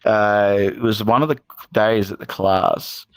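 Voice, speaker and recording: A man's voice: fairly low pitch, steady tone, a little slow, clean tone, dry recording. An Australian man telling stories as a podcast guest in a casual, rambling way, full of fillers and restarts. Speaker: guest musician. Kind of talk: casual podcast interview storytelling.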